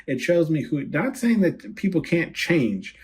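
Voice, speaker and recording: A man giving a casual tarot reading as host, chatty and quick to laugh, often checking in with "right?" and "okay?". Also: fairly high pitch, sing-song, darkish tone, slight background noise. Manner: laughs easily, rambles with fillers. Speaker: tarot card reader.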